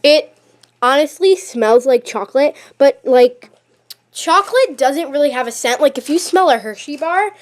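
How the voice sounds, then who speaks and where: This high, bright-voiced YouTube vlogger talks at a normal speed and sounds expressive as she shows off her collection. She's chatty and effusive, peppering her speech with "like" and "really, really," filming on a handheld camera that shakes at times.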